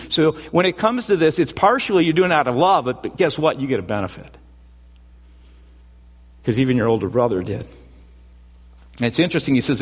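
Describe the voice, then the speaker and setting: A man's voice: medium pitch, a little mellow, long reverb tail. A man preaching a sermon as pastor, earnest and repeating words as he builds up.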